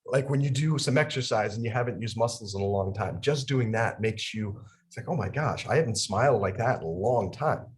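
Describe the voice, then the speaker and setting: A young adult man from New York leading a laughter yoga session on a video call. He talks with lively energy, laughing through his words and breaking into ha-ha chants. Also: lowish voice, brisk. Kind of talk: energetic instructional talk.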